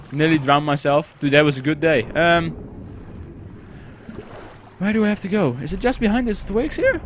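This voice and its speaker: An eighteen-year-old man with a Dutch accent doing let's play commentary, excitable and rambling, swearing a lot. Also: on the high side, normal speed, long pauses, slight background noise. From Netherlands. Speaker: gaming YouTuber.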